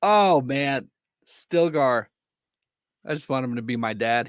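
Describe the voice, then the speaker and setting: A young man with a mid-range voice talks eagerly about a movie in a casual podcast. The sound is dry and close, and his speech runs in excited bursts packed with fillers. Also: medium pitch, clean tone, no room sound. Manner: enthusiastic, many fillers, quick bursts of excitement. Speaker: podcast co-host. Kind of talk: casual film discussion.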